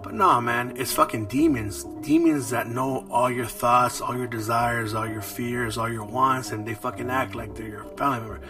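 Speaking at a moderate pace with few pauses, a man hosts a podcast and spins casual stories in crude street slang. His medium-pitched voice holds a steady tone, picked up by a distant mic over loud background music.

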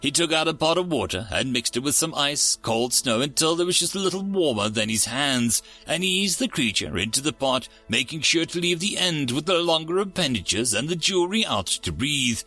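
Animated man reading a story aloud. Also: a little high, moderate pace, few pauses, soft background music. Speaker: narrator. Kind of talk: audiobook story narration.

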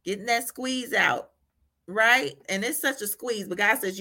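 A woman giving an informal devotional talk, animated, often laughing and asking "right?" as she encourages listeners. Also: mid-range voice, unhurried. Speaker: faith encourager.

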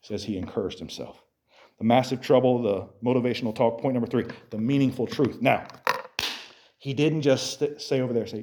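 A man preaching a sermon to a youth group, animated, swinging from quiet talk to shouting and speaking straight to his listeners. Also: mid-range voice, fairly quick.

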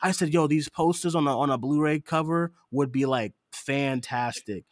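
A man co-hosting a casual movie chat podcast, animated and laughing often, swearing freely. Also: a little high, normal speed, dry recording, clean studio sound. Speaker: podcast co-host.

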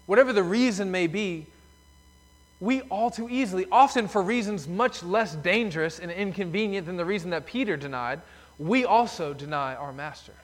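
A man's voice: sits high, animated, moderate pace. Emphatic preacher man in a reverberant church. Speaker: pastor. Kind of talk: sermon. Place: church sanctuary. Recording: long reverb of a church hall.

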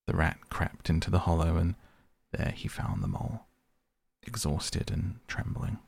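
A man reading a storybook aloud in a measured, expressive narration. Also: low-pitched, vocal fry, slightly rough, no echo.

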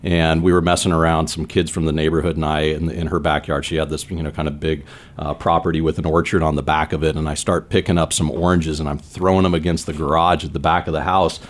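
A man's voice: very deep voice, level tone, fast talker. A man in his forties, a business leader from San Diego, telling stories in an earnest, rambling way with lots of fillers. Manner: earnest, rambling with many "you know" fillers. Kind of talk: conversational interview storytelling.

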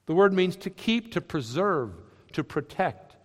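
Emphatic preacher in a reverberant hall. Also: male voice, sits high, very animated, unhurried. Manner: wide swings between loud emphatic lines and soft near-quiet ones. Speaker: pastor. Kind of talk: sermon.

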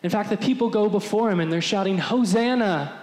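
A male pastor delivers a sermon in a high, bright-toned voice, animated and acting out crowd voices. His voice carries a long reverb, as if in a large church hall. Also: a little fast.

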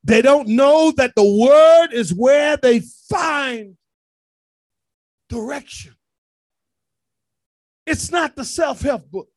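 High-voiced man preaching a sermon. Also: no echo. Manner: preaching with call-and-response, rising to shouts. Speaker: pastor.

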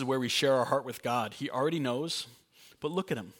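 Young male pastor, sermon delivery, earnest and chatty with light humor, middle pitch. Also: a little fast, fairly bright tone. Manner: earnest, conversational, with playful asides.

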